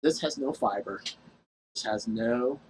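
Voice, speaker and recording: A man's voice: medium pitch, measured pace, heavy background noise. A man vlogging to his camera at home, telling a story casually in a rambling, profane way and laughing at himself.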